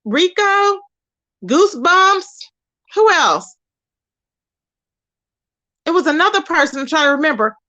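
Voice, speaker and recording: A woman hosting a casual livestream, telling stories in an animated, expressive way with loud exclamations. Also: very high voice, unhurried, long pauses. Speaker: livestream host.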